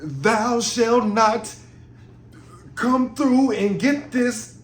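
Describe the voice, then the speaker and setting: A man voicing a pompous, old-fashioned man who talks like a Shakespeare love letter, slow and drawn out, in a roomy recording. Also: extremely high pitch, pitched above the performer's own voice, heavily acted. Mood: mock-formal. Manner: mock-archaic, drawn-out and slow. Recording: roomy with faint noise.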